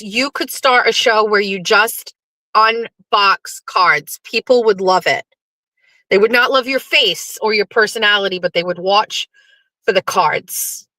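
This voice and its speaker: A woman's voice: medium pitch, sharp tone, no echo. A middle-aged woman hosting a live show, chatting casually to her viewers, swearing and talking back to the chat. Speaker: livestream show host.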